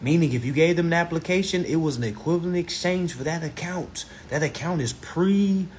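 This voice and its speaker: A man's voice: fairly high pitch, brisk, darkish tone, a little hiss or hum. A man lecturing on a live stream, blunt and profane, who repeats his phrases for emphasis.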